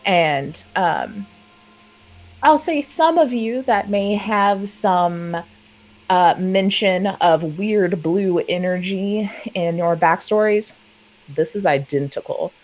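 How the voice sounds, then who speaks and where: A woman's voice: fairly low pitch, lively intonation, takes it slowly, low-quality recording. A young woman narrating as game master in a casual, chatty way.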